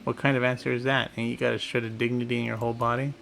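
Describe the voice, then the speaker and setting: A man voicing a brash, rough-spoken woman sailor who blusters and scolds, for a video game. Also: mid-range voice, level tone, rapid-fire, a bit bright, faint music behind. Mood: scornful.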